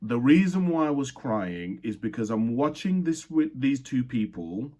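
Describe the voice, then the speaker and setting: A man's voice: medium pitch, sing-song, unhurried, dark tone. A young man from Uganda telling a personal childhood story in a reflective way, with frequent repeats and fillers.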